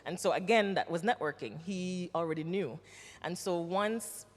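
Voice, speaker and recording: A woman from Jamaica with a Jamaican accent, an actress answering questions at a symposium, telling her story with lively acted-out quotes. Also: on the low side, moderate pace. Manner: animated storyteller, acts out quoted voices. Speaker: actress and guest speaker. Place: symposium hall. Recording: reverberant hall.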